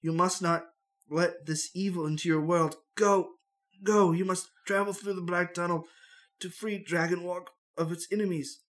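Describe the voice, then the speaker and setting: A man voicing a mortally wounded knight who speaks gravely but slips into casual modern asides. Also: high-pitched, steady tone, moderate pace, a bit bright. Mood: solemn. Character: dying wounded male knight, solemn.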